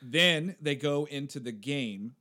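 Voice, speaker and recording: A man's voice: a little high, expressive, slow, bright, forceful tone. A man in his thirties co-hosting a podcast, chatting casually and animatedly, laughing and swearing freely. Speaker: podcast co-host. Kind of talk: casual chat.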